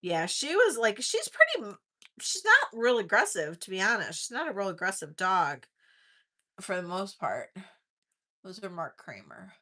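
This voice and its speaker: Running a live vintage jewelry sale, a middle-aged woman chats casually and rambles between auction calls, telling stories, laughing readily, and using plenty of "like"s. Her voice is on the low side, bright and forceful.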